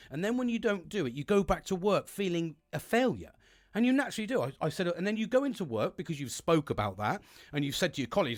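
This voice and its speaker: A man speaks to camera in a loose, rambling way, peppering every other line with swear words. His voice sits a little high for a man and jumps around a lot in pitch. He is recorded on his own plug-in mic. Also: big pitch swings, fairly quick. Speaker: self-help vlogger. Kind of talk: casual monologue to camera.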